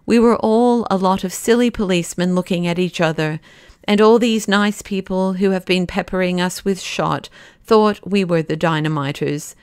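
A woman's voice: fairly low pitch, moderate pace, clear, resonant tone, no echo, studio quality, natural voice. A woman voicing a jovial, beaming male doctor in an audiobook, cheerful and hearty.

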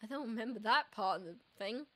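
Reading character dialogue aloud as she plays, a young let's play gamer chats and reacts on video. She speaks at a quick pace in a slightly high, expressive voice.

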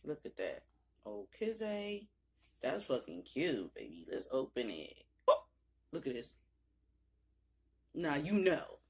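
A young woman filming a casual makeup haul, talking straight to her viewers with loose slang and cursing, and breaking into sudden high exclamations. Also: huge pitch swings, a little slow, long pauses, darkish tone, husky. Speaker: beauty vlogger.

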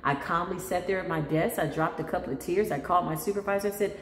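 Woman, spiritual practitioner, lively storytelling, slow soothing advice, roomy reverb. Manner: animated, acts out callers in jumpy high voices. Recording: echoey room with long reverb and faint noise.

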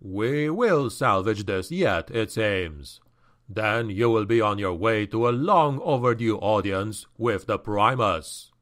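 A scheming demonic high priest speaks in a low, unhurried drawl that carries quiet menace, as a man reads him. Every word is measured and commanding, with a lively swing of pitch. It is a grim fantasy audiobook character voice. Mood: scornful.

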